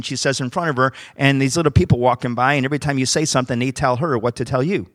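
A male pastor recounting a story from the pulpit, lively as he acts out each exchange. His voice sits in a middle register. The sound is dry and close. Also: medium pitch, fast, no room sound. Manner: animated storyteller acting out dialogue. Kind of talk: sermon storytelling.

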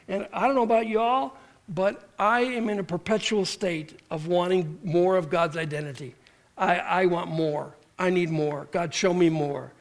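A pastor preaching to his congregation in a high, gravelly voice. He talks plainly, then swells into loud, animated bursts. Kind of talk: sermon.

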